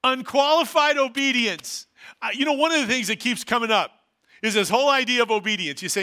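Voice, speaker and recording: A man, a pastor, preaching a sermon in a church, swinging from loud declarations to quiet, low asides. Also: fairly quick. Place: church hall.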